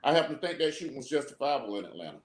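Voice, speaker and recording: A man's voice: medium pitch, big pitch swings, racing. A man who is a former police officer, explaining steadily on a live video call and often repeating his words. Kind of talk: live video talk show discussion. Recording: echoey room.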